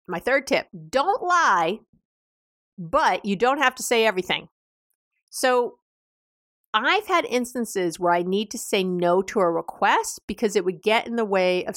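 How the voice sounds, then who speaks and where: A woman's voice: mid-range voice, a bit bright, dry recording, studio quality. A woman hosting an advice podcast, who talks casually, laughs often and restarts and repeats her words. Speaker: podcast host.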